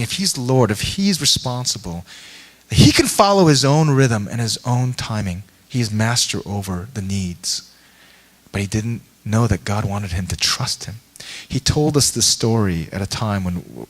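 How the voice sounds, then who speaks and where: Earnest pastor telling a family story. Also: male voice, medium pitch, a bit bright. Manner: earnest storytelling, acting out quoted voices, drops to a near-whisper. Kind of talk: sermon with personal story. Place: church sanctuary.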